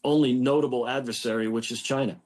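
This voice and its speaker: A man's voice: mid-range voice, steady tone, quick pace, a little mellow. News panel guy, mid voice, confident and argumentative, keeps repeating words. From United States. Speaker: political commentator guest. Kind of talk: live TV news debate.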